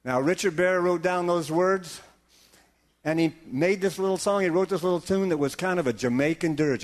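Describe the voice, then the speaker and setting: A man's voice: high voice, moderate pace. An older man on a live stage, telling the story behind his song in a folksy, joking way. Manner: folksy, joking, self-deprecating. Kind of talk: casual onstage storytelling.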